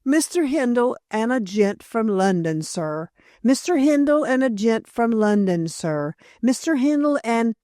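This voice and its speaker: Chattering plump housekeeper, older woman, excitable high voice, dry close sound, woman narrator voicing her. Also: unhurried, dry recording. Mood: announcing.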